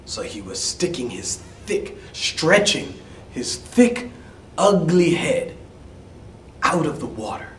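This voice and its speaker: A man telling a fairy tale as an English lesson, slowly explaining and repeating words, dropping to near-whispers for asides. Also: a little high, very animated, a bit bright, a little hiss or hum. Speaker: English teacher. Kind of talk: storytelling lesson for English learners. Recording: echoey room, mic at a distance.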